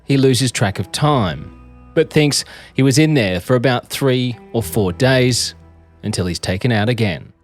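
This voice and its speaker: A male podcast host giving measured, dramatic scripted narration. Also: mid-range voice, faint music behind.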